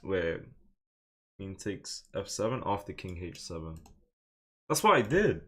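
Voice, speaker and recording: Sitting low with big pitch swings and a breathy edge, a young man streams his online chess game at a measured pace. He mostly mutters his moves, then now and then breaks into loud, frustrated exclamations.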